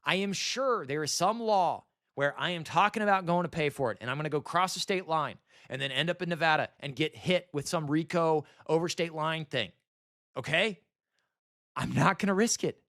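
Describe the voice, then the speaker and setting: A man in his thirties vents in a bitter, exasperated monologue, cursing freely and circling back over the same complaints. His voice is tense and sharp-edged, and it sits a little higher than most men's. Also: normal speed. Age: 30s. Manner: bitter, exasperated, swearing, repeats himself. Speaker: vlogger. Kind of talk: ranting monologue to camera.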